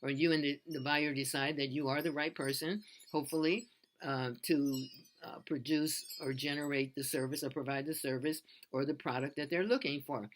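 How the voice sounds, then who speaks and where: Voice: mid-range voice, fairly even intonation, moderate pace. A freelance voiceover artist giving casual how-to advice, in an earnest, loose way with many restarts and repeats.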